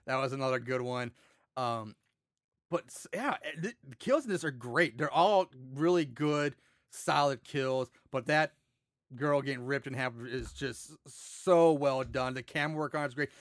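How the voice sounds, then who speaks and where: A man co-hosting a casual horror movie podcast, retelling the plot in an animated, profane way. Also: mid-range voice, moderate pace, no room sound, clean studio sound. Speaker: podcast co-host. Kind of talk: casual movie recap chat.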